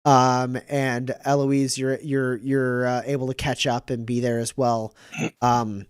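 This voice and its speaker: A man running a tabletop game as game master, narrating in a relaxed way with many fillers. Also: mid-range voice, unhurried, clean tone, no echo, clean studio sound.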